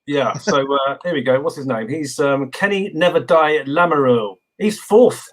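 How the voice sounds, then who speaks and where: A man's voice: on the high side, moderate pace, rough recording. Rambling man, interview guest. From England. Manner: relaxed, rambling, many fillers. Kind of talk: casual video interview.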